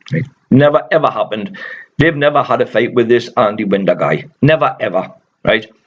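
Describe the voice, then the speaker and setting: A chatty man with a gravelly, husky voice that rides fairly high and swings up and down a lot. He rambles along, dropping "you know" everywhere, and firmly sets rumours straight. The recording sounds dull and lo-fi. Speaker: video channel host. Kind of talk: casual spoken commentary.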